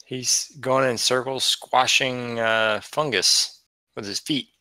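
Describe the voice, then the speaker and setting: A man running a tabletop game online as game master, relaxed and chatty, laughing often. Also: medium pitch, slow pace, clean tone, no echo. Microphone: online voice chat.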